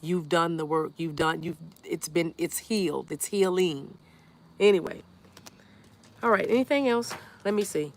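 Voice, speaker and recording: A woman's voice: on the low side, measured pace. A woman giving a live tarot reading, talking straight to her viewers and repeating reassuring affirmations. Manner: addresses viewers directly, reads chat aloud. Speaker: tarot reader.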